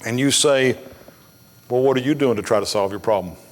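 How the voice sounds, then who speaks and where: A man's voice: medium pitch, brisk, a little hiss or hum. A man preaching a sermon as pastor, telling folksy stories bluntly and building to emphatic preaching. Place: church sanctuary. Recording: long hall reverb of a church.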